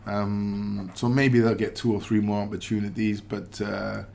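A man with a fairly low voice talks football on a podcast, thinking aloud in a measured, halting way. Faint noise sits behind him. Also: little pitch movement, vocal fry, a little mellow. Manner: measured, reflective, hesitant fillers. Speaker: pundit, former footballer. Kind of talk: casual podcast chat.

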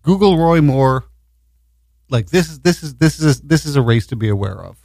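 A man's voice: on the high side, normal speed, gravelly, a little mellow, dry recording, clean studio sound. A man co-hosting a podcast in crude, rambling casual banter, laughing often. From New York. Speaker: podcast co-host.

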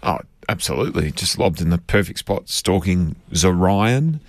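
Brief: low-voiced male radio co-host, dry studio sound, easygoing race analysis. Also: animated, normal speed, no room sound. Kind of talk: racing talk chat.

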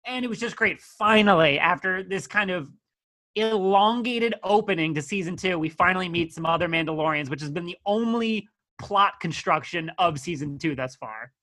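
A man's voice: sits high, moderate pace, pushed and bright. A man co-hosting a casual review podcast, blunt and sarcastic, critical of the writing. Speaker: podcast co-host reviewing a TV episode. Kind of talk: casual chat.

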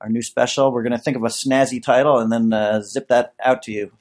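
A man's voice: mid-range voice, steady tone, fairly quick, darkish tone. A man from the United States co-hosting a comedy podcast, telling stories in a rambling, restarting way. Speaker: podcast co-host. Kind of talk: casual chat.

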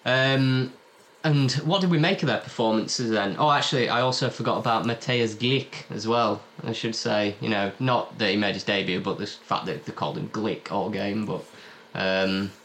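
A man's voice: fairly low pitch, fairly even intonation, moderate pace, fairly bright tone. A man presenting a podcast in casual chat, leading the topics and laughing easily.

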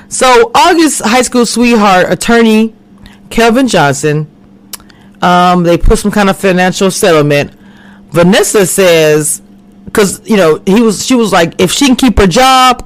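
A woman giving a casual recap of a TV drama, animated and quick to act out the characters' lines. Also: medium pitch. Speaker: TV recap reviewer. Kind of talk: casual chat. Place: home, recording a live stream.

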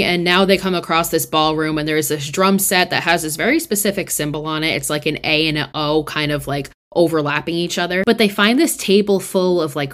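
A woman with a low-pitched voice hosts a podcast and retells a movie plot in a loose, conversational way. She swears freely and fills her sentences with "like" and "basically". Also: fairly bright tone. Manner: chatty, profane, uses many fillers. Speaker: podcast host. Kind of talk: casual movie recap.

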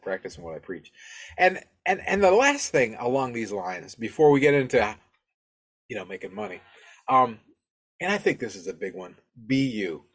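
A man hosting a podcast, giving casual advice in a rambling, friendly, self-deprecating way with lots of fillers and restarts, into a podcast microphone. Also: on the low side. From Alabama, US. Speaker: podcast host.

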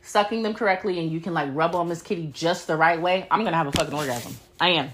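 A young woman hosting a solo podcast, telling a story in a blunt, profane, animated rant. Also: fairly low pitch, fast, a little hiss or hum. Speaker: podcast host.

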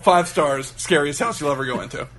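A man's voice: fairly high pitch, brisk, fairly bright tone. A man co-hosting a podcast in casual chat, joking and swearing as he tells stories. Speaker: podcast co-host.

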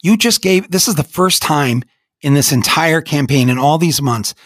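A man's voice: fairly high pitch, expressive, normal speed. A man in his sixties hosting a casual interview, enthusiastic and reflective, often restarting his sentences. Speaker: host.

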